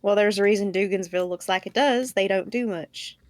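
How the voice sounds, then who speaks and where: A woman's voice: mid-range voice, brisk. A woman playing a tabletop game, speaking in a practical, matter-of-fact way. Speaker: player. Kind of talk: casual tabletop game talk.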